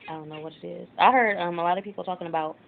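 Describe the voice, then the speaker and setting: A woman's voice: fairly low pitch, racing, creaky. Chatty woman vlogger, tinny sound. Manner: rambling, chatty, many fillers. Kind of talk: casual reaction commentary. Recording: tinny phone-like audio with faint noise.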